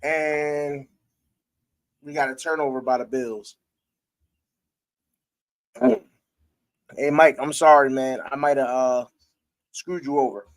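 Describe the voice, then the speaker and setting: A man's voice: mid-range voice, steady tone, takes it slowly, pauses often. A man hosting a casual live-stream sports talk show, talking loosely with his viewers and breaking into laughter.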